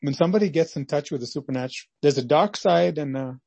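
A husky male preacher with a voice pitched somewhat high, delivering a devotional sermon. He tells stories dramatically and slips into acted scenes. The recording is dry and close. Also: quick pace, a little mellow, dry recording. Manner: dramatic storytelling, acts out scenes. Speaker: pastor.

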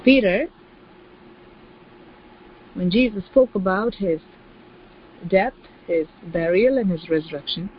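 A woman's voice: medium pitch, slow, long pauses, a little hiss or hum. Emphatic woman preacher, slightly muffled. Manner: emphatic, repeats key phrases, acts out quoted voices. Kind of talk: sermon.

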